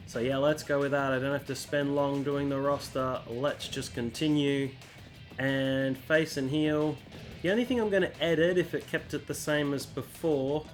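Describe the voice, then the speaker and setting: A man hosting a casual let's-play, chatting through menus and reading the on-screen text aloud. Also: on the high side. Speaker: gaming channel host.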